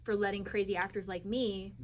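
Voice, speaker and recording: A young actress woman telling chatty, animated stories with fillers at a live cinema Q&A. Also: mid-range voice, a little fast, slight background noise. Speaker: actress at a screening Q&A. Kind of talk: live Q&A storytelling. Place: cinema auditorium.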